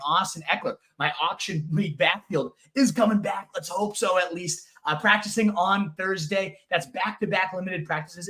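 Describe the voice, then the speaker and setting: High-voiced excitable fantasy football co-host. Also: male voice. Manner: emphatic, swears for emphasis, quick bursts of excitement. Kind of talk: casual sports analysis chat.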